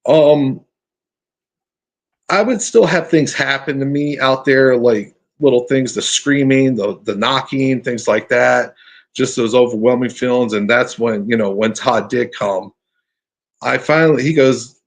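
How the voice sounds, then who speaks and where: A man telling his encounter story as a podcast guest, earnest and halting, often restarting his sentences. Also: mid-range voice, vocal fry. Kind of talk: casual storytelling.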